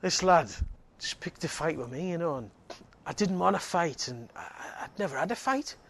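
A man's voice: on the high side, lively intonation, normal speed, gravelly, a bit bright, slightly rough. A man, preaching a sermon and telling a personal story with laughter and frequent restarts. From Northeast England.

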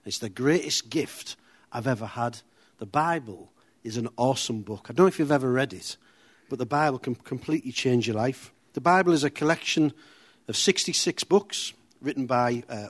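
A man from Middlesbrough with a Teesside accent giving an informal sermon in a chatty, self-deprecating way, full of humorous anecdotes. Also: medium pitch. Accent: Teesside English. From Middlesbrough, England. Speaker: church speaker.

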